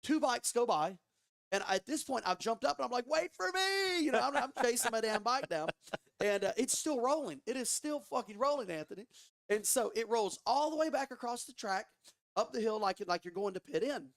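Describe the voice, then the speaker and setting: Lively, foul-mouthed man telling a story. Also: very high voice, normal speed, no room sound, studio quality. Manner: animated, profane, frequent restarts. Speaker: podcast guest. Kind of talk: casual storytelling. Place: studio.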